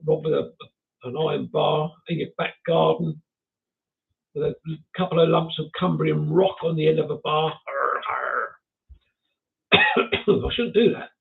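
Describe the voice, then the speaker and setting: An older Englishman chats casually and chuckles at his own jokes as he reads viewer messages aloud. His voice sits fairly high and has a gravelly edge. It all comes through a thin, tinny line. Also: a little slow, long pauses. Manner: chatty, chuckling, self-mocking. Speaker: livestream host. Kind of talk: casual chat reading viewer comments. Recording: tinny phone-like sound.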